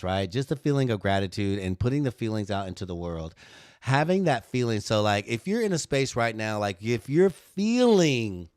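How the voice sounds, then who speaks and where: A man hosting a live design tutorial stream. He chats with viewers in playful, sassy banter and calls them honey and girl. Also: no room sound. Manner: lively, swoops high when joking.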